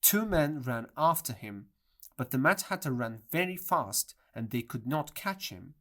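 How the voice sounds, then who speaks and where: A narrator reading a children's storybook audiobook in a plain, measured way. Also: medium pitch, lively intonation, pushed and bright.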